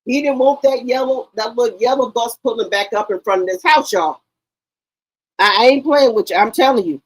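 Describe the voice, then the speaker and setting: A woman hosting a live stream, telling stories in an animated, laughing and profane way. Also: on the high side, moderate pace, low-quality recording. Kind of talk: casual chat on a live stream.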